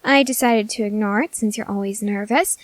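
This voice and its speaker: A woman's voice: mid-range voice, brisk, dry recording, natural voice. A woman voicing a food-obsessed teenage soldier girl in an ASMR audio drama, whiny and melodramatic. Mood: chatty. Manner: whiny, melodramatic, easily sidetracked.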